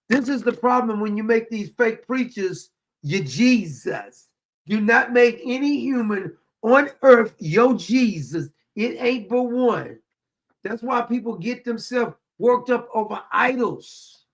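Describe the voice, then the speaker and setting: Brief: high-pitched gravelly male host, animated mocking commentary. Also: slow. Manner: animated, mocking, reads a statement aloud with asides. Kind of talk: commentary on a news story.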